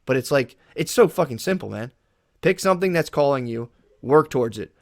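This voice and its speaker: A man speaking in a casual podcast chat, blunt and fired up, with curses sprinkled through his pep talk. His voice sits at a middle pitch. The sound is dry and close. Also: fairly quick, dry recording. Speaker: podcast guest.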